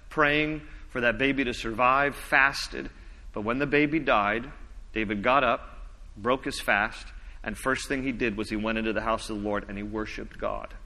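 Male pastor, sermon delivery, slow scripture readings, soft low emphasis, reverberant hall sound. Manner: teaching, reads scripture slowly, drops low and soft for emphasis.

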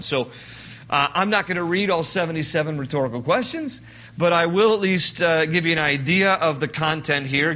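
A man's voice: on the high side, sharp tone. A man preaching a sermon, talking through scripture in a conversational, joking way and acting out quoted lines. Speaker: pastor.

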